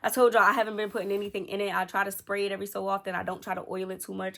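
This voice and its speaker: Casual storytime vlogger, woman in her thirties, animated and direct to camera. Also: mid-range voice, rapid-fire, gravelly, few pauses. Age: 30s. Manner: chatty, talks straight to viewers, animated retelling.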